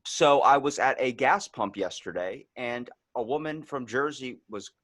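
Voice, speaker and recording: A man's voice: medium pitch, measured pace, dry recording. A man hosting a podcast, telling stories in a casual chat and mimicking the accents of people he meets. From Ocean City, Maryland. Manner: animated storytelling, mimics accents. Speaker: podcast host.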